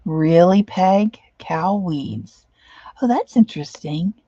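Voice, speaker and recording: A woman's voice: on the low side, expressive, takes it slowly, dark tone, no echo, dull audio. A middle-aged woman chatting casually as she works on a craft project, rambling on and answering viewers' comments.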